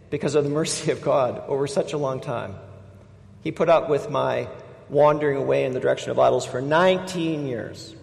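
A man preaching a sermon as pastor, with emphatic stresses that swing between loud, drawn-out words and quiet asides. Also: mid-range voice, gravelly. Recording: long reverb of a large hall.

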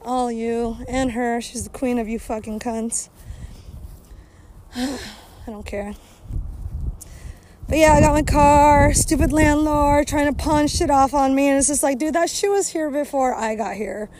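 High-voiced woman ranting with heavy swearing. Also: fairly even intonation, measured pace, pauses often, a little mellow, slight background noise. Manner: profane, bitter venting, talks to herself and the listeners; breaks off to call and scold her dog. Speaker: podcast host. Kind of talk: casual podcast rant. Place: outdoors near a cow pasture, walking a dog.

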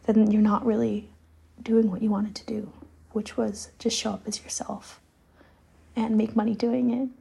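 A woman's voice: on the high side, level tone, normal speed, gravelly, warm tone, slightly rough. A young adult woman, hosting a solo podcast in a loose, candid, rambling way with lots of "like". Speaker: podcast host.

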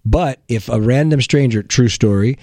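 A man's voice: mid-range voice, normal speed, warm tone, no room sound. A man co-hosting a podcast, teasing his partner with dry banter. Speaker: podcast co-host. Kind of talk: casual chat.

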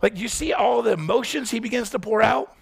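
A man's voice: very high voice, a little fast, vocal fry, breathy edge, dry recording, clean studio sound. A male pastor preaching a sermon with passion, repeating key phrases and speaking straight to his congregation. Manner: passionate, repetitive, direct address to congregation.

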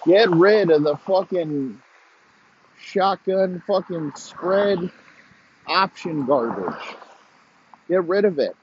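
A man's voice: sits high, animated, takes it slowly, pauses often, highs cut off, a little hiss or hum. A man hosting a podcast, ranting profanely and rambling in heated complaint. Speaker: podcast host. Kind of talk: profane casual rant.

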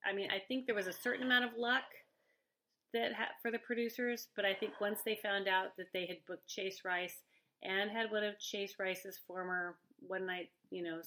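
Wry, bright-voiced podcasting woman. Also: mid-range voice, steady tone, moderate pace. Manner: wry, opinionated commentary with laughing asides. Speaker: podcast co-host. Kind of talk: casual chat recapping a reality show.

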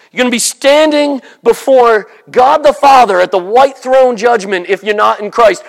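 A man preaching a sermon, animated, slipping into mock voices for the people he describes. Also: extremely high pitch, vocal fry.

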